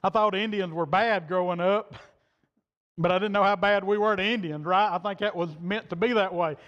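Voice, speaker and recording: A preacher man with a fairly high voice, telling a folksy story from the pulpit in plain words. His voice rings through a church hall with a long echo, and the sound is dull and muffled. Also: steady tone, normal speed. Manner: folksy, plain-spoken, quoting others in turn. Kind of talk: sermon storytelling. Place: church sanctuary.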